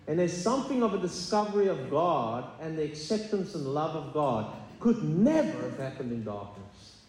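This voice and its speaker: A man's voice: on the high side, sing-song, normal speed, darkish tone. A man preaching a sermon as pastor, earnest and confessional, often stumbling over fillers and restarts. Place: church sanctuary. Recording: echoey hall, faint ambience.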